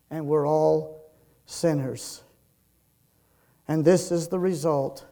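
Slow, high-voiced preaching man. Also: steady tone, vocal fry. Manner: slow, emphatic preaching that swells and drops in loudness. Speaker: pastor. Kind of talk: sermon.

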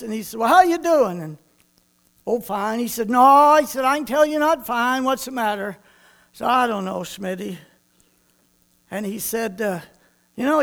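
A man's voice: extremely high pitch, vocal fry. A man preaching a sermon, telling a folksy personal story and voicing the people in it.

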